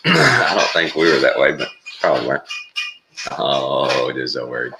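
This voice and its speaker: A man's voice: very deep voice, lively intonation, moderate pace, gravelly, background noise. An older man from Texas with a Texan drawl, rambling folksy and chuckling through a casual morning vlog. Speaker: vlogger.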